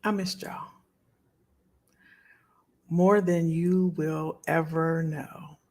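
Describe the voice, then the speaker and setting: A woman's voice: low voice, steady tone, extremely slow, a little mellow. A middle-aged woman hosting a live stream, chatting casually and heartfelt with her viewers and often repeating phrases. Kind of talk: casual chat to a live audience.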